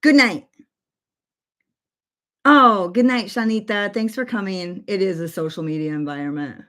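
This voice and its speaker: A woman's voice: mid-range voice, measured pace, fairly bright tone. A woman in her forties chatting casually on a makeup livestream from her bedroom, rambling with lots of fillers and free swearing. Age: 40s.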